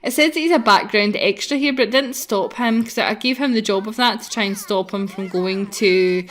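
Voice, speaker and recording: A woman's voice: mid-range voice, normal speed, a bit bright. A young woman chatting casually and giggling as she comments on her gameplay for viewers, tired from recording early in the morning. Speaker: gaming channel host.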